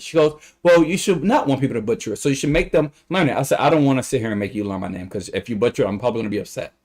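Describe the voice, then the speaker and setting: A young man on a casual livestream, rambling through a story and acting out the quotes in high voices. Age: young adult.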